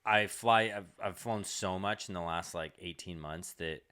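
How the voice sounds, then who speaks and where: Low-voiced young man rambling through a story. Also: moderate pace, bright, forceful tone, smooth. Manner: rambling, swearing, lots of "like". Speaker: comedian podcast co-host. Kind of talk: casual storytelling chat.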